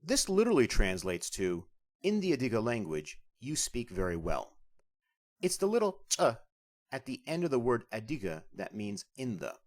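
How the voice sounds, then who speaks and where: A man's voice: mid-range voice, wildly swooping pitch, moderate pace. Patient man narrating a language lesson. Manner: clear, patient, explanatory. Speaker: language instructor.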